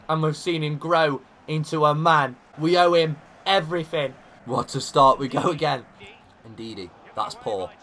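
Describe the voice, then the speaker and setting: A young man commenting live on his own football video game career, dry one moment and yelling at big chances the next. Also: on the high side. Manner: excitable, shouting at big moments, dry asides. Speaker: gaming YouTuber.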